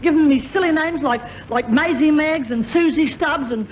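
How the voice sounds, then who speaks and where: A woman's voice: high voice, normal speed, slight background noise, close to an everyday voice. A woman playing a brash, combative young barmaid in an old radio comedy sketch, ending her lines with a challenging "see?". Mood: angry. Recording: dull old radio transcription.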